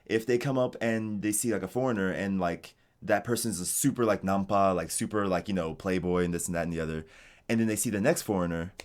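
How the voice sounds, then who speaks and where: An American man in a casual interview, talking in a relaxed, rambling way with lots of "like". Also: sits low, fairly quick. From United States. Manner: relaxed, rambling, heavy use of "like". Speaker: interviewee, game designer in Japan. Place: home streaming setup.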